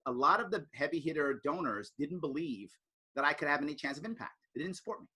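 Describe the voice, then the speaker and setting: A man speaking casually to a student group, animated and often acting out other people in raised voices. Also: a little high, fast, husky. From United States. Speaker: political speaker.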